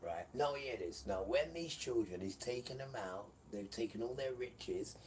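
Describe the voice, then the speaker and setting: A man preaching on a livestream in a repetitive, emphatic way, often asking the viewers "right?" and breaking into loud bursts. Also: medium pitch, normal speed, far from the mic, slight background noise, low-quality recording.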